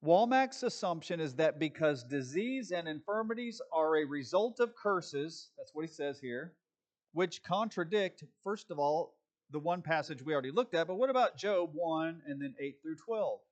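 Animated man preaching a sermon. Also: a little high, moderate pace. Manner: conversational preaching with swings between loud emphasis and quiet asides. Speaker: pastor.

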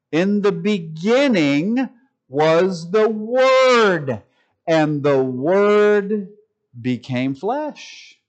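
Slow, emphatic male preacher. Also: fairly high pitch. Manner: emphatic, with drawn-out pauses on key words; addresses listeners as folks. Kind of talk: sermon. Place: before a live congregation.

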